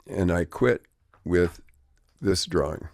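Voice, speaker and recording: An older man with a low, gravelly voice spins rambling stories as a guest, wry and conversational. The sound is close and dry, with no room around it. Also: takes it slowly, darkish tone, no echo. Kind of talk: anecdotal storytelling.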